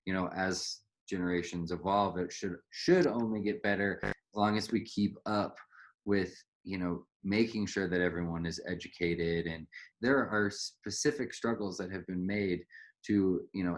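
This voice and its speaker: Man, podcast host, casual chat, low voice, reflective, playful quoted voices. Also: steady tone, measured pace. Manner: reflective, acts out quoted voices in a high pitch. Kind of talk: casual conversation.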